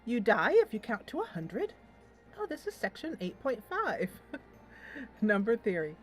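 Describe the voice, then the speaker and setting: A woman's voice: a little high, wildly swooping pitch, unhurried, soft background music. A woman hosting a game playthrough, chatting and reading the game text aloud. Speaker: gameplay host. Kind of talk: let's play commentary.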